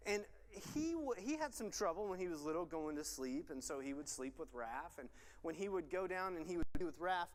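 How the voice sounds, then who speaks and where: A man preaches to a college crowd in an easy, joking way, teasing listeners and saying y'all. His voice sits high for a man. The sound rings with the long reverb of a large hall. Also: animated, fairly quick, hardly any pauses. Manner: chatty, joking with the audience, says y'all. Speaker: college ministry teacher. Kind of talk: casual sermon to a live crowd.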